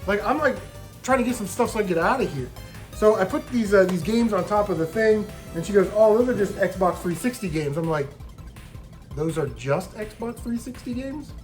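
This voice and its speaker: A man's voice: high voice, brisk, soft background music. A man casually telling stories from his video game hunting trip, swearing freely and mimicking the people he bargained with. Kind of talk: casual storytelling vlog.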